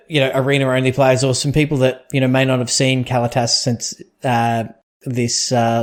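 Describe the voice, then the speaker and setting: A man co-hosting a casual podcast about a trading card game, talking in loose, rambling sentences full of fillers and restarts. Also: medium pitch. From Australia or New Zealand. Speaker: podcast co-host.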